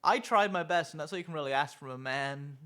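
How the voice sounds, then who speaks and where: A man's voice: a little high, fast talker, pushed and bright. A man dropping into a stream with casual, teasing banter. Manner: teasing, joking.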